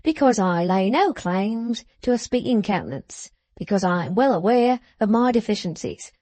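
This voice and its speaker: A woman voicing a pompous, scheming older man who talks in florid, drawn-out, wheedling phrases. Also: fairly high pitch, expressive, a little mellow, no echo.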